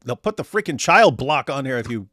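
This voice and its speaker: A man's voice: medium pitch, a little fast, no room sound, clean studio sound. A man hosting a casual commentary show, reacting sarcastically to a clip. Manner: animated, sarcastic. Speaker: host.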